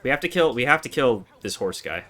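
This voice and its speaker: A man in his twenties streaming a game, chatting casually and answering chat in a relaxed, monotone way. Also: medium pitch, a little fast. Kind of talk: casual live-stream chat while gaming.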